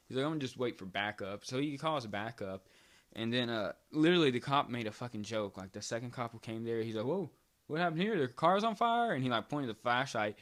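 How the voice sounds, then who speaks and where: A young man tells a story straight to his audience in a loose, rambling way. He swears freely and leans on "like" between nearly every phrase. His voice sits at an ordinary, mid-range pitch for a man. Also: fairly bright tone. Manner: rambling, profane, filler-heavy "like". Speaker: vlogger. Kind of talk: casual storytime.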